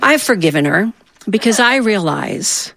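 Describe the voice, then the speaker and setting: A woman telling a personal story in an animated way, acting out the voices of the people in it. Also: medium pitch, a little slow, creaky, crowd noise.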